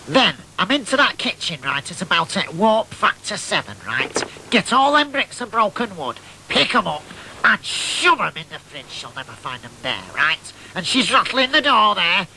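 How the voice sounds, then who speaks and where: Comic figure: high, gravelly, piercing nasal lad, eager storyteller. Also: male voice, very animated, moderate pace, sharp tone, a little hiss or hum, exaggerated voice, low-quality recording. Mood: excited. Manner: nasal, chatty, keeps asking "right?". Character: excitable boyish man telling tall tales.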